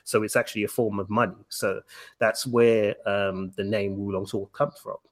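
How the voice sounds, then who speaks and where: A relaxed man hosts a casual podcast chat and speaks with a fairly low voice. He leads the talk with easy, chatty questions. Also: normal speed. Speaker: podcast host.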